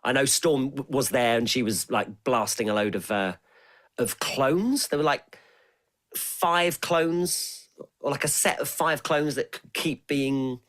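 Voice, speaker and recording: A man's voice: mid-range voice, unhurried. A man co-hosting a casual podcast, hesitant and searching for words. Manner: hesitant, lots of fillers and restarts, lively intonation. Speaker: podcast co-host. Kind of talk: casual chat.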